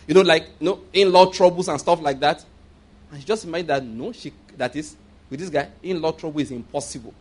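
A man's voice: a little high, fairly quick, a little mellow, slightly rough. A man preaching to a congregation, telling a personal story. He often repeats himself, laughs mid-sentence and asks the listeners rhetorical questions. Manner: repeats phrases, laughs often while speaking. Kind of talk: sermon storytelling.

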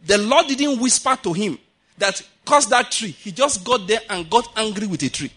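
A male pastor with a Nigerian accent delivers a lively sermon in a church. His voice sits somewhat high for a man. He tells stories and keeps asking his congregation whether they follow his point. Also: normal speed, breathy edge. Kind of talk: sermon with storytelling. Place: church building.

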